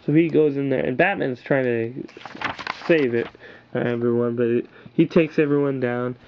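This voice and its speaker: A man's voice: mid-range voice, normal speed, dull audio, noisy background. A man reviewing comic books on camera in a loose, rambling, enthusiastic way, full of filler words. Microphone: built-in camera mic.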